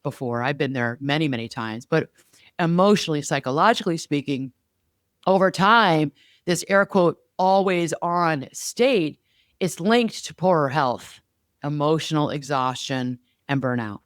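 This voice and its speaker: Woman podcast co-host, smooth voice, dry close sound, animated chatty storyteller. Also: low voice, unhurried, dry recording. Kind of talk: casual podcast conversation.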